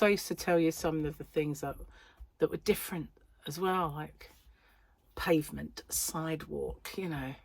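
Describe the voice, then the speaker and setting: British female crafter, lowish voice, rambling chatty delivery, close dry sound. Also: no echo. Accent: British English. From United Kingdom. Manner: rambling, chatty, self-interrupting. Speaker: crochet vlogger and yarn shop owner. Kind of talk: casual chat to camera. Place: home, indoors, in a corner.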